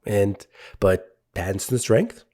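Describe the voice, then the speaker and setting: A man's voice: lowish voice, takes it slowly, a little mellow. A man co-hosting a casual film podcast, laughing often and thinking aloud with some hesitation. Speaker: podcast co-host.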